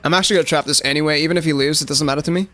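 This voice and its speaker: A man's voice: on the high side, fairly even intonation, racing, sharp tone. A young man streaming a game, giving casual running commentary full of "like" fillers and chatting to his viewers. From South Africa. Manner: casual, chatty, lots of "like" fillers, addresses chat. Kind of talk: live gameplay commentary.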